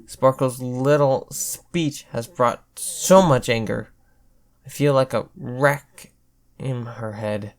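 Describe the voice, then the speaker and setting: A man's voice: medium pitch, slow. A man reading a fanfic story aloud in plain first-person narration. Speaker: fanfic reader.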